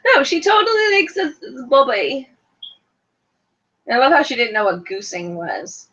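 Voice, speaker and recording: A woman in her thirties with a high, bright voice that swings all over as she bickers bluntly and playfully. The recording is dull and lo-fi. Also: big pitch swings, normal speed. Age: 30s. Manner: teasing, blunt, swears playfully. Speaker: podcast co-host. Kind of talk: casual banter about reality TV.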